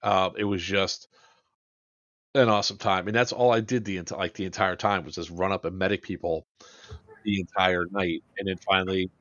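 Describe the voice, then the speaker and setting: A man's voice: low-pitched, fairly even intonation, fairly quick, fairly bright tone, dry recording, lo-fi sound. A man hosting a podcast, casually and animatedly recounting an airsoft game, swearing and acting out the quotes with plenty of fillers. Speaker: podcast host.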